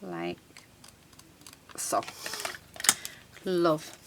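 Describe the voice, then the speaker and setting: A woman's voice: fairly low pitch, level tone, vocal fry, noisy background. A woman hosting a casual card-making tutorial. She talks her viewers through each step while she works at her crafting desk, with plenty of ums and restarts. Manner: chatty, unhurried, many ums and restarts.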